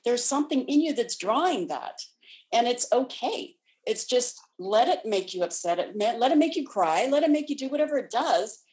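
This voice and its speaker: A woman co-hosting a casual spiritual chat, telling stories and explaining ideas in a steady conversational way. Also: fairly high pitch, moderate pace, low-quality recording. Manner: storytelling, acts out voices in anecdotes. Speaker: co-host.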